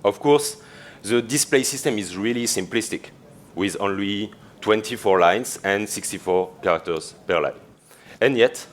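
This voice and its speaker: A man with a French accent giving a conference talk on stage, chatty and quick to laugh, with lots of fillers. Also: lowish voice. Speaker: conference speaker.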